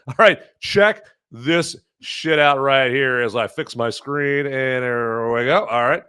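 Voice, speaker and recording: A man's voice: medium pitch, slow pace, few pauses, pushed and bright, clear, resonant tone. A man hosting a podcast who chats casually and rambles in a jokey way, with many fillers and self-corrections. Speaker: podcast host reviewing beer. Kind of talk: casual chat.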